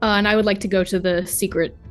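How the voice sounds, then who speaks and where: A woman's voice: mid-range voice, steady tone, fast, soft background music. A woman playing a tabletop game, hesitant and unsure of herself. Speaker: player. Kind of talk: casual tabletop play.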